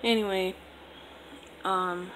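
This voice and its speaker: A woman's voice: medium pitch, steady tone, slow pace, a bit bright, a little hiss or hum, rough recording. A young woman in her twenties casually telling a personal story to camera, rambling with lots of fillers. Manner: rambling, filler-heavy, laid-back. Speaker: vlogger.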